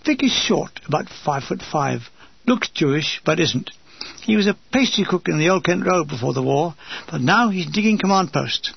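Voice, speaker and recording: A man narrating a wartime memoir aloud with wry, lively storytelling. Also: a little high, normal speed, creaky, breathy edge, highs cut off.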